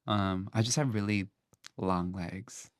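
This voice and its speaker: A man's voice: sits low, takes it slowly, dry recording, studio quality. A young man who DJs, chatting casually as a guest and rambling with plenty of filler words. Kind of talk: casual chat.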